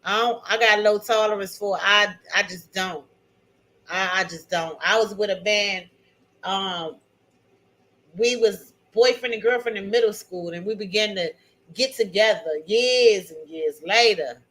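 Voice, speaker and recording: A woman's voice: medium pitch, measured pace, a bit bright, low-quality recording. Chatty middle-aged woman telling stories. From Maryland. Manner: chatty, emphatic, addresses viewers as y'all and honey. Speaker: channel host. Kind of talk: casual storytelling to viewers.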